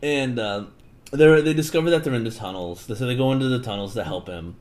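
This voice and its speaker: A man's voice: mid-range voice, a little fast. A young man co-hosting a podcast who retells a book in a rambling, jokey way and often corrects himself. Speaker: podcast co-host. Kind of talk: casual book recap chat.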